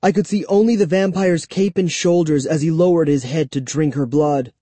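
A man narrating a spooky children's story as an audiobook, in slow, expressive storytelling. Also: fairly high pitch, no room sound.

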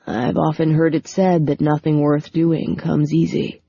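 A woman's voice: low-pitched, level tone, unhurried, creaky, mellow, breathy edge, dry recording, muffled recording, pitched below the performer's own voice, heavily acted. A woman voicing Patrick, a good-humored young man, in an audiobook.

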